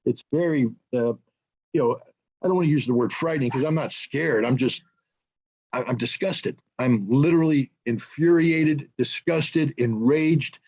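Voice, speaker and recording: A man's voice: mid-range voice, normal speed, long pauses, darkish tone, husky, muffled recording. A man from the United States speaking as a guest on an online panel, impassioned and indignant, often restarting his sentences. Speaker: guest commentator.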